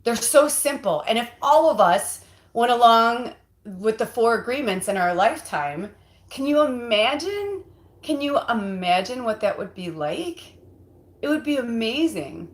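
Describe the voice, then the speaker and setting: A woman's voice: a little high, sing-song, unhurried, roomy sound. A woman hosting a casual livestream as a spiritual medium, talking in a rambling, heartfelt way with lots of fillers and asides.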